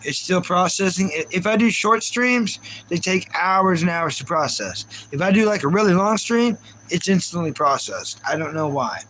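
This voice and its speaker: A man's voice: high-pitched, lively intonation, normal speed, bright, forceful tone, slight background noise, poor audio. A man hosting a casual live stream, ranting in reaction and repeating himself while talking to his chat viewers. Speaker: livestream host.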